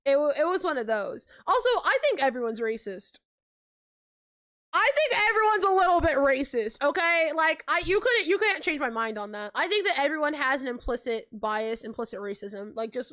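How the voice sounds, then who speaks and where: A woman's voice: high-pitched, expressive, fairly quick, hardly any pauses, a bit bright. A young woman from California chatting casually on a livestream, telling stories with lots of "like", acting out quotes and laughing often. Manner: says like a lot. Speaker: livestream host.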